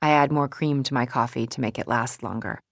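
Low-voiced woman narrating fiction. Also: fairly quick, no echo. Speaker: audiobook narrator. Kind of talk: first-person fiction narration.

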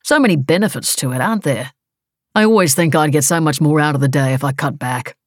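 A woman voicing a brash male talk show host with a New Zealand accent, talking loudly and eagerly. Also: on the high side, a little fast, dry recording, clean studio sound, lightly acted. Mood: chatty. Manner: loud, eager to please.

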